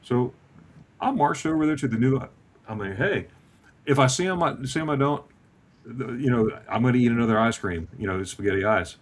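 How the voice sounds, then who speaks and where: A man in his fifties telling a casual travel story on a video call, acting out the dialogue as he goes. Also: brisk. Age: 50s. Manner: animated, acts out dialogue with lively pitch swings.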